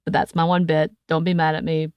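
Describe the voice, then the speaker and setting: A woman's voice: deep voice, little pitch movement, a little fast, smooth, dry recording, muffled recording. An American woman co-hosting a podcast, chatting casually with playful asides and frequent laughter. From United States. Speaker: podcast co-host.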